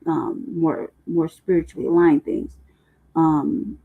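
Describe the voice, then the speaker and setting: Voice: mid-range voice, steady tone, slow pace, gravelly. A livestream host in casual, rambling talk, profane and loose with slang, often laughing. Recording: muffled phone-like livestream audio.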